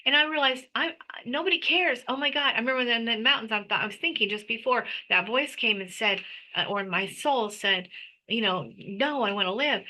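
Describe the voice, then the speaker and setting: Woman, middle-aged, interview guest, emotional testimony, high voice, very tense and bright tone, stammering restarts. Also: a little fast, low-quality recording. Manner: intense, frequent restarts and stammers.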